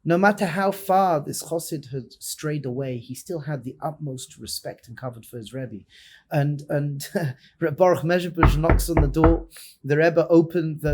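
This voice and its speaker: Husky-voiced rabbi telling a story. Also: male voice, a little high, normal speed. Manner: dramatic storyteller, swinging between loud and hushed. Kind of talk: storytelling sermon.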